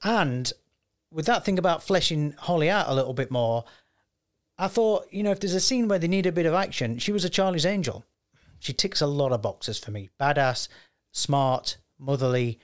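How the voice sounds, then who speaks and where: Chatty podcast host, fairly high male voice. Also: moderate pace. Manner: chatty, rambling, laughs often. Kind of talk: casual chat.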